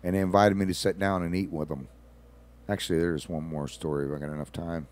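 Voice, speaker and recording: A man's voice: low-pitched, fairly even intonation, fast, darkish tone. A man, a regular on a radio show, telling rambling stories in casual talk with folksy asides.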